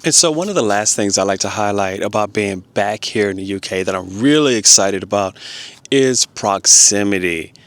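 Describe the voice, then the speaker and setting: A man's voice: fairly low pitch, animated, normal speed, a bit bright. An American man chatting casually in a family travel vlog, repeating words as he thinks aloud. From United States.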